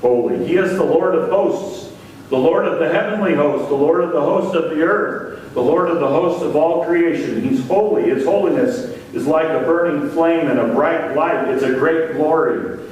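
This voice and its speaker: A male pastor delivers a sermon from a distance in a church sanctuary. His voice echoes strongly through the room, with a faint hum of ambience behind it. He lifts his pitch and stresses the words he repeats. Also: normal speed, darkish tone. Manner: preaching with rising emphasis on repeated words. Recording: echoey church hall from far off.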